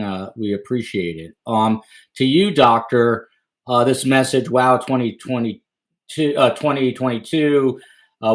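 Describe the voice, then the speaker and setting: A man hosting a podcast interview, chatty and self-deprecating, wandering into asides. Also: mid-range voice. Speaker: podcast host.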